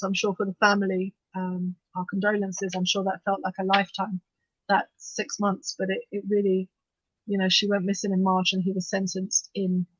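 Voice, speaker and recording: A woman co-hosting a podcast, talking fast and animatedly in bursts, with frequent restarts as she discusses the news. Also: mid-range voice, no echo. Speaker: podcast co-host. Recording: dull, dry lo-fi sound.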